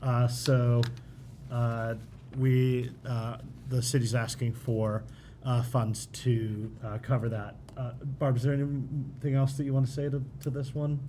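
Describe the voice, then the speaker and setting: A man's voice: mid-range voice, little pitch movement, measured pace, warm tone, a little hiss or hum. A man serving as a city councilor, explaining an item hesitantly with many fillers at a council meeting.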